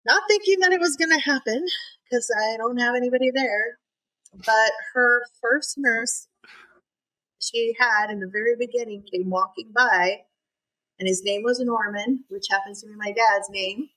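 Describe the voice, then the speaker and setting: A middle-aged woman telling a personal story as a podcast guest. She speaks earnestly and haltingly, with many fillers and restarts. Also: fairly high pitch, sharp tone, rough recording.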